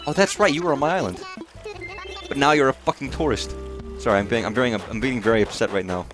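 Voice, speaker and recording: A man's voice: mid-range voice, over music. A man livestreaming a game in casual commentary, swearing freely and rambling into mock rants at the characters on screen. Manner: profane, rambling, quick to rant at on-screen characters.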